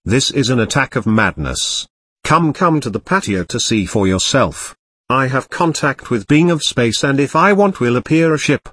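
A man voicing an excitable young alien girl. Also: mid-range voice, moderate pace, breathy edge, no echo. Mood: insistent.

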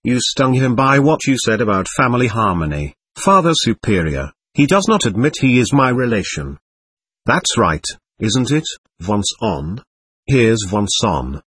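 A man voicing a scheming, shameless old buffoon who taunts everyone, in a lively, husky storybook reading. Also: mid-range voice, a little slow, dry recording, full character voice. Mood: mocking. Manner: impudent, taunting.

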